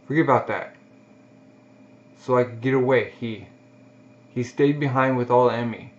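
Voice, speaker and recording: A man's voice: mid-range voice, moderate pace, close to an everyday voice. A man voicing a tough, urgent female mercenary. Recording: dull lo-fi recording.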